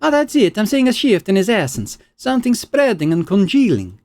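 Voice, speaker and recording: A man's voice: sits high, big pitch swings, fairly quick, a little mellow, pitched above the performer's own voice. A man doing an eager fussy woman scholar. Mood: excited. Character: excitable female scholar studying souls.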